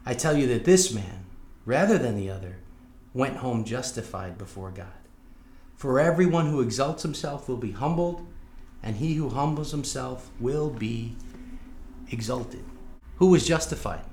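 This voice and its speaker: Speaking at a moderate pace, a St. Louis pastor uses an expressive, medium-pitched voice with a darkish tone. His sermon centers on a personal story, told earnestly and straight to the congregation.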